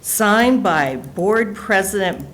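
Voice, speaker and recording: A school board member reading a formal resolution aloud at a board meeting in a measured, formal way. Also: female voice, medium pitch, animated, a little hiss or hum.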